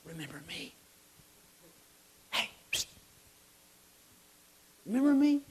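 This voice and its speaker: A preacher voicing a sly old tempter who hisses and coaxes in whispers. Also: male voice, very high voice, big pitch swings, slow, voice pushed up, full character voice. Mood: coaxing. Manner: hissing whispers, coaxing.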